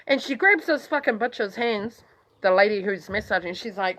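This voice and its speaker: A woman's voice: high-pitched, moderate pace. Blunt, swearing New Zealand woman storyteller. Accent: New Zealand English. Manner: heavy swearing, blunt and rambling; animated, voice jumps up when excited. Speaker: vlogger. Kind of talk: casual crude storytelling.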